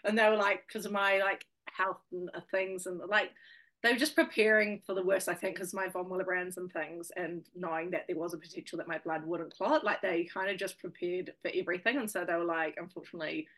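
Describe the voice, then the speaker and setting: A woman's voice: lowish voice, steady tone, a little fast, a bit bright. A young woman with a New Zealand accent, a guest chatting casually in an interview, full of fillers and laughs.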